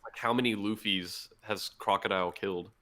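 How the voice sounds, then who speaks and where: A man co-hosting a podcast, excitedly retelling a manga story in casual chat with lots of fillers. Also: fairly low pitch, normal speed. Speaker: podcast co-host.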